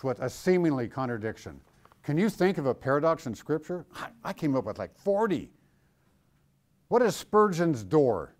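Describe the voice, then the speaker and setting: Man teaching an animated Bible class. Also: mid-range voice. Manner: animated, asks the class questions.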